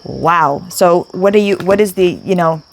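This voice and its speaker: A woman's voice: fairly low pitch, a little slow, creaky, noisy background. Emphatic woman giving a tarot reading. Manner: emphatic, repetitive, emotional, swears casually. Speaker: tarot reader. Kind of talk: spiritual tarot reading to camera.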